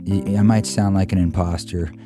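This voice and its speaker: A man hosting a podcast, hoarse and husky from a cold, chatting loosely and joking about himself. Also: deep voice, fairly even intonation, moderate pace, music in the background. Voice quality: husky, croaky. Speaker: podcast host. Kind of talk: casual podcast intro.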